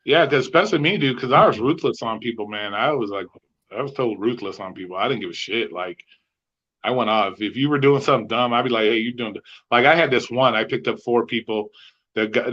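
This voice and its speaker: A man's voice: medium pitch, fairly bright tone, muffled recording. A man co-hosting a podcast in casual chat, swearing freely as he tells driving stories and acts out both sides of the arguments. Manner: profane storyteller who acts out both sides of quoted arguments. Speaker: podcast co-host.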